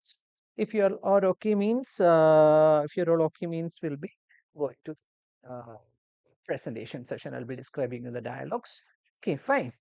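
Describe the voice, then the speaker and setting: Woman tutor, lower voice, dry mic, rambling explanatory delivery for students. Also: normal speed, vocal fry, warm tone, no room sound. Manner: explanatory, with many fillers and restarts. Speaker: language teacher. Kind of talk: live online exam-prep lesson.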